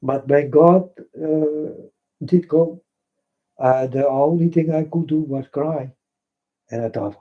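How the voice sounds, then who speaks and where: A man whose first language is Dutch talks in a slow, unhurried monologue, earnest and repetitive, and keeps calling his listeners folks. His voice sits a little high for a man. The recording sounds dull and lo-fi. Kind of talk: impassioned spoken monologue.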